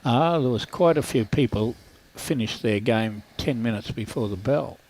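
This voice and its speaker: An Australian man commentates a lawn bowls match live. His voice sits at an ordinary middle pitch for a man. He calls the play and slips in dry, joking banter with his co-commentator. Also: moderate pace, darkish tone, rough recording.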